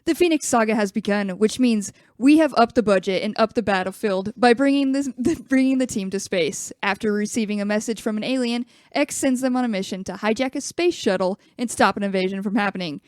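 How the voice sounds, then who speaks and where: A woman's voice: mid-range voice, a little fast, few pauses, darkish tone, no echo. Upbeat woman podcast host, dry mic. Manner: laughs often, upbeat and enthusiastic. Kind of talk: casual chat.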